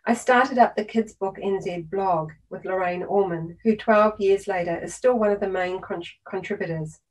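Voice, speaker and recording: A woman in her fifties with a New Zealand accent reads a prepared lecture, telling school-visit stories with a steady, mid-pitched voice. She sits back from the microphone, so her voice sounds a little distant. Her delivery is measured but turns lively with the anecdotes. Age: 50s. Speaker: children's author giving a lecture. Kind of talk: prepared lecture read aloud.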